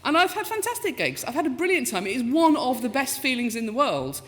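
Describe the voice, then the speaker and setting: Woman in her fifties, professor telling comic stories on stage in a big reverberant hall, animated and self-mocking. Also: high voice, brisk. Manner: lively, self-mocking, acts out quoted voices. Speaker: professor giving a talk. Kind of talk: storytelling talk with comic asides. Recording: lecture hall with long reverb.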